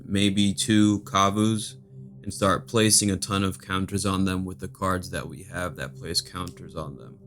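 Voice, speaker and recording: A man hosting a card game channel, explaining deck strategy in a steady, monotone way. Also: lowish voice.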